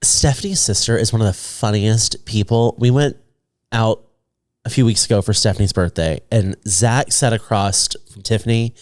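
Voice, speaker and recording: A man's voice: lowish voice, no echo. A man co-hosting a podcast, teasing his co-host, laughing often and asking prodding questions. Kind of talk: casual chat.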